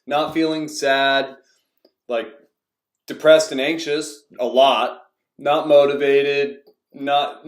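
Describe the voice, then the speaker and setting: Rambling young man in an echoey room. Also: a little high. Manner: rambling, many fillers and restarts. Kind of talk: casual storytelling.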